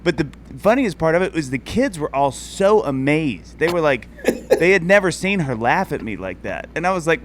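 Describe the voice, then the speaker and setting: A man in his forties hosting a casual podcast chat, enthusiastic and quick to laugh as he retells family moments. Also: a little high, very animated, slight background noise. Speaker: podcast host.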